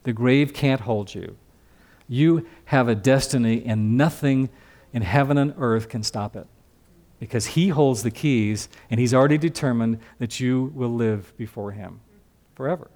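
Teaching scripture in a conversational sermon, this older pastor asks his congregation questions as he goes. He speaks at a measured pace in a mid-range, darkish-toned voice.

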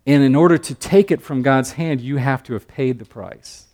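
A man giving a sermon-style Bible lesson, talking conversationally with joking asides, swinging between loud emphatic stretches and quiet asides. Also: medium pitch, normal speed. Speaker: Bible teacher.

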